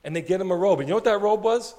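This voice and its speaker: A male pastor preaching a sermon with animated storytelling, dropping his voice low for emphasis. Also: racing, big-room sound.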